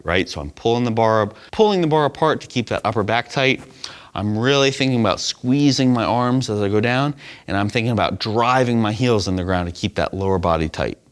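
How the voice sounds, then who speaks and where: A young man coaching a lift, explaining it step by step and often checking in with "right?". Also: on the low side. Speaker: strength coach. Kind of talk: instructional demonstration.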